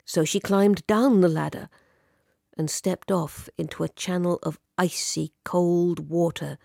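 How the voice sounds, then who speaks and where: A woman narrates a story in a slow, measured way. Her voice sits on the low side, and she drops to a whisper when the tension rises. She is recorded close and dry. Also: fairly even intonation, vocal fry, mellow, dry recording. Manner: slow, measured, dropping to a whisper at tense moments.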